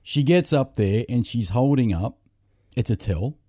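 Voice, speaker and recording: A man's voice: medium pitch, animated, unhurried, dark tone, dry recording, clean studio sound. A middle-aged man hosting a podcast, telling rambling, profane anecdotes in casual chat. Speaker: podcast host.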